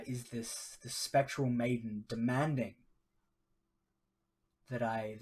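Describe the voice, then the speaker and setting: Here a man with a medium pitch and a breathy edge narrates his solo tabletop role-playing game live. Casual and halting, he fills his talk with ums and chats with the people watching.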